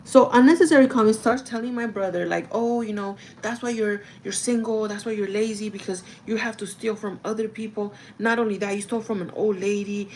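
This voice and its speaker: A woman's voice: mid-range voice, steady tone, fairly quick, hardly any pauses, darkish tone, a little hiss or hum, rough recording. A young woman vlogger telling a family story in casual chat, rambling with many fillers and often calling her viewers "guys".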